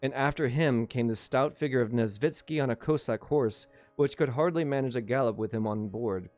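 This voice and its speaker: Male livestream reader, mid pitch, dry close sound, plain narration with chatty asides. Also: moderate pace, few pauses, darkish tone, no room sound, faint music behind. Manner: casual asides to chat, small restarts. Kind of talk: reading a novel aloud with chat asides.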